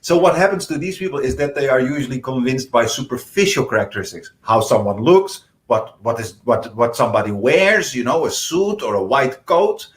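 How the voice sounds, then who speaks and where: A man's voice: mid-range voice, lively intonation, a little fast, few pauses. A male panel guest in a political discussion, explaining his points earnestly with many hesitant restarts. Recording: echoey room.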